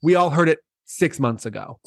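A man's voice: on the high side, animated, normal speed, creaky, no room sound, clean studio sound. A man co-hosting a casual gossip chat, animatedly acting out quotes in mocking voices. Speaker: podcast co-host.

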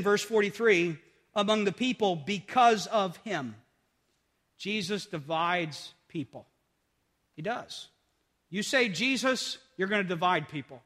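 A man preaching a sermon in a church sanctuary, his high, bright voice ringing with a long hall reverb. He swings from loud emphatic peaks to hushed drops and repeats key phrases to drive them home.

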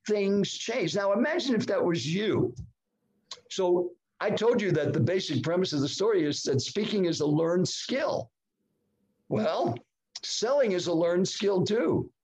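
A man in his seventies, a guest in a podcast interview, telling a personal story with dramatic swings in pitch. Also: darkish tone. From United States. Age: 70s. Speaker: guest speaker.

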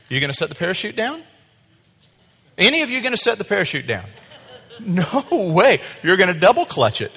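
A male pastor preaching a sermon, animated, acting out voices and dropping to a quiet tone at times. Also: high-pitched, a little fast, vocal fry, slightly rough. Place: church sanctuary. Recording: long hall reverb.

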